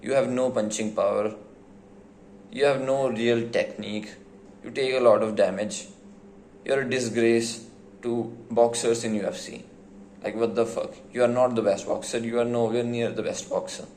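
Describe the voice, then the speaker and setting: A young man gives a casual reaction commentary recapping a fight interview, loudly enthusiastic, swearing freely, laughing often and relishing retelling the best lines. His mid-pitched voice moves at a moderate pace in an echoey room, with a faint hum of ambient noise underneath.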